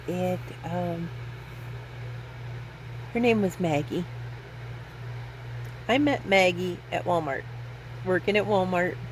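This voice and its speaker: A woman's voice: fairly low pitch, takes it slowly, long pauses, a little hiss or hum, rough recording. A woman in her fifties telling rambling personal stories in a casual vlog, self-deprecating and laughing often. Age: 50s. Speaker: vlogger.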